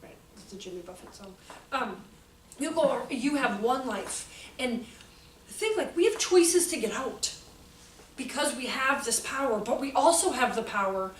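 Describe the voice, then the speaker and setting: Woman presenter, chatty storyteller, fairly high voice, roomy echo, heard from a distance. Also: a bit bright. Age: adult. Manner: storytelling, chatty, laughs often, acts out voices. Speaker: workshop presenter. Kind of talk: animated talk to a workshop. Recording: roomy echo, from a distance, faint room noise.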